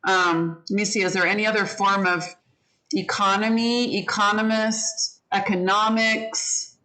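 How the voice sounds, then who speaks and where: An encouraging online English teacher, a woman, patiently explains pronunciation and how word stress changes while giving feedback. Her voice is medium-pitched and sharp, with fairly even intonation and a measured pace. The audio is poor.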